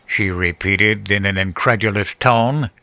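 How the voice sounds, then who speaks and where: A man giving scripted horror story narration in a measured, deliberate storytelling manner. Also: on the low side, sharp tone. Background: music.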